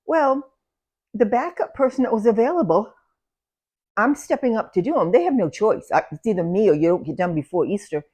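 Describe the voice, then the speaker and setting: An older woman, casually telling animated stories about her salon and laughing as she goes. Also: mid-range voice, fairly quick, slightly rough. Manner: animated, laughs through anecdotes, loud when acting out yelling. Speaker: salon owner. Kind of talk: casual storytelling.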